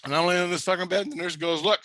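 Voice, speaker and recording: A man's voice: high-pitched, fairly even intonation, racing, pushed and bright, dry recording. A man telling a long, rambling story in casual conversation, swearing constantly and talking with intensity. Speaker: storyteller recounting a spirit-world experience.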